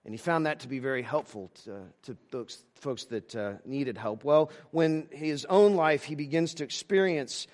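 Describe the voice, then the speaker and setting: A male pastor preaching a sermon, halting with many restarts, moving between emphatic lines and hushed ones. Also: medium pitch.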